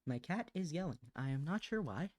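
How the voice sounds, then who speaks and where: Very low-voiced woman chatting on stream. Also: lively intonation, fairly quick, a little mellow, dry recording, clean studio sound. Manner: chatty, muttering to herself as she works; gushing baby talk to her cat. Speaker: live streamer. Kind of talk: casual live-stream chat while drawing. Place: home. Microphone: desk microphone.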